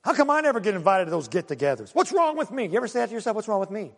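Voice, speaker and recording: A man preaching a sermon, animated and full of rhetorical questions and acted-out asides to the congregation. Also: high-pitched, racing, big-room sound. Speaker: pastor.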